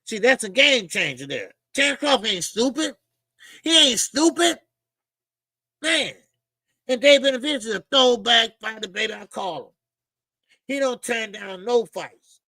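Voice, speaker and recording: Fired-up high gravelly man ranting. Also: sharp tone, no room sound. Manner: emphatic, repetitive, slangy, calls listeners "baby". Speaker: boxing channel host. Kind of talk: animated boxing commentary rant.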